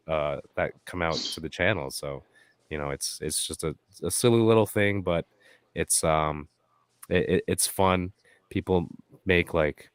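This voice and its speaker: A man from Canada telling a relaxed, self-amused story on a live-stream video call, with plenty of fillers. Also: low voice, clear, resonant tone, dry recording. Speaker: guest toy reviewer.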